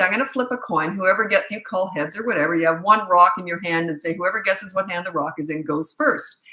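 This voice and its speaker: A middle-aged woman coaching parents in a live question-and-answer chat, blunt and matter-of-fact, with quick asides. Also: fairly low pitch, a bit bright, echoey room, poor audio.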